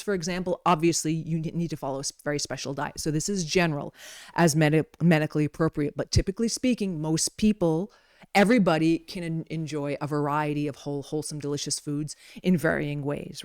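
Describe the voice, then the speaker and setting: A woman's voice: low-pitched, a little fast, a little mellow, smooth, dry recording, studio quality. A woman giving a casual wellness talk, chatty and playful, wandering into stories and asides, on a modest home microphone. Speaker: wellness presenter. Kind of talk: casual teaching talk with storytelling.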